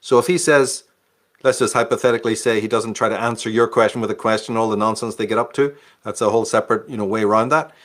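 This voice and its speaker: A man's voice: fairly low pitch, fairly even intonation, fast. A man hosting a casual conversation, explaining his argument step by step. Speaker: host.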